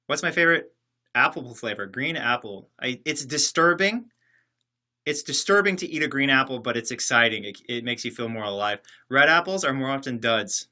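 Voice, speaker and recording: A man talks casually on a livestream, reading out viewer comments and answering each one with dry, joking sarcasm. His voice is strikingly bright and sharp, sitting at an ordinary middle pitch for a man. He rambles loosely from one comment to the next. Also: lively intonation, normal speed. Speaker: livestream host reading chat. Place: separate building, alone.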